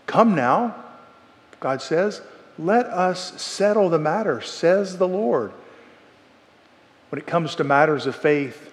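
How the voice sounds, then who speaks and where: An earnest male preacher delivering a sermon, his voice sitting somewhat high for a man. He often restarts phrases and leans hard into quoted lines. A long reverb trails from the church sanctuary.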